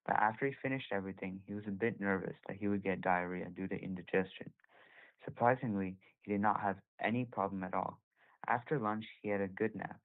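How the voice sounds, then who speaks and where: A man reading a devotional story aloud to a group, steady, with small self-corrections. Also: on the low side, a little fast. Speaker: reader at a group scripture session. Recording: tinny phone-like call audio.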